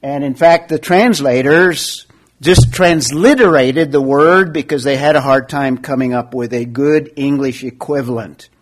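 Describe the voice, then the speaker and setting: A man teaching a Bible study class, explaining scripture in a measured way with rhetorical questions and emphatic stress on key words. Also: medium pitch.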